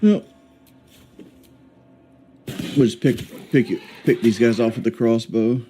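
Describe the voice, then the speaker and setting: Male streamer, relaxed gameplay commentary, everyday mid-pitched voice. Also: normal speed, faint music behind. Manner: relaxed, talks to his game party while planning moves.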